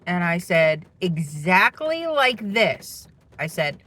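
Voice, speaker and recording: A woman's voice: lowish voice, very animated, slow pace, hardly any pauses, sharp tone. A middle-aged woman venting indignantly as she tells a personal story about her household. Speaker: parent telling a personal story. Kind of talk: personal vlog monologue.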